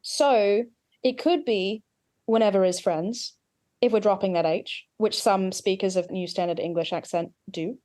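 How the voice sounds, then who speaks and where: A woman dialect coach explains tongue, jaw and vowel placement in a patient, technical way. Her voice sits at an ordinary middle pitch. The recording is dry and close, with no room sound. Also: normal speed, darkish tone, no room sound. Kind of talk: accent coaching session.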